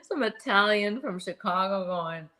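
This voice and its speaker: A woman co-hosting a podcast in casual chat, giggly and animated, laughing often. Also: mid-range voice, a little slow. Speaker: podcast co-host.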